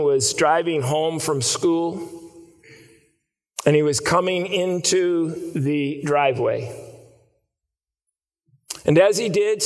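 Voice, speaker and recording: A man preaching a sermon, telling a story dramatically and swinging between hushed and raised passages. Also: fairly high pitch, in a large hall.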